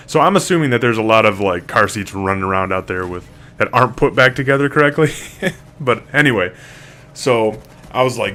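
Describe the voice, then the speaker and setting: A man's voice: lowish voice, lively intonation, fairly quick, sharp tone, a little hiss or hum. A man casually telling a rambling story to camera, full of fillers, restarts and swearing. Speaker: single father vlogger.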